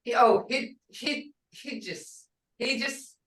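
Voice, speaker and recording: A language instructor drills words aloud for her class, asking students whether each sound is short or long. Her voice is slightly bright, on the higher side, and slow. The classroom audio is roomy and picked up from a distance.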